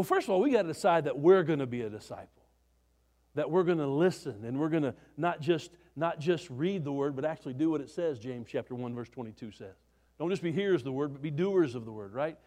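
Male preacher, high-pitched, folksy sermon storytelling with restarts, reverberant hall. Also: a little mellow.

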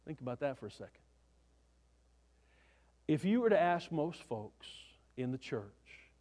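Male preacher, high-pitched, folksy sermon storytelling with restarts, reverberant hall. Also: very animated, moderate pace, long pauses, a little mellow.

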